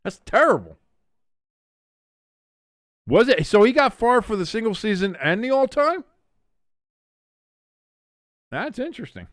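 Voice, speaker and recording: A man hosting a live watch-along stream, calling the plays casually and jumping sharply in pitch and volume on big moments. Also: no room sound. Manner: mumbles and scats to himself while thinking. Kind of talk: casual live play-by-play commentary.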